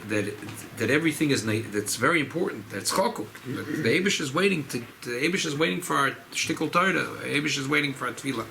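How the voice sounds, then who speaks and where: A rabbi, speaking informally at a farbrengen gathering, often repeating and restarting phrases. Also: male voice, medium pitch, animated, fast talker, gravelly, hardly any pauses, pushed and bright, slight background noise, poor audio. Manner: repetitive, restarts phrases, mixes Yiddish and Hebrew terms. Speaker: rabbi giving a farbrengen talk. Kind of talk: informal Chassidic talk at a gathering.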